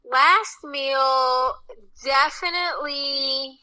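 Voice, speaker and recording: A woman's voice: high-pitched, extremely slow, bright, forceful tone, low-quality recording. A woman chef as a podcast guest, chatting in a bubbly way and laughing often. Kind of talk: casual interview chat.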